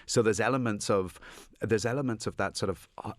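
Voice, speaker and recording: An Irish man with a low, deep voice chats as a radio guest, self-deprecating and full of restarts. The sound is dry and close, straight into a studio mic. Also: brisk, no room sound. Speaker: author guest. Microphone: studio microphone.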